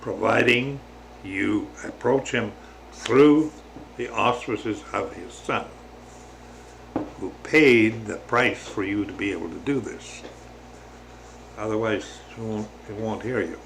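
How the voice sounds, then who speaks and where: A man giving a slow, halting, casual spiritual reflection to his viewers, with many pauses and restarts. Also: fairly low pitch, creaky, a bit bright, slight background noise. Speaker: religious vlogger.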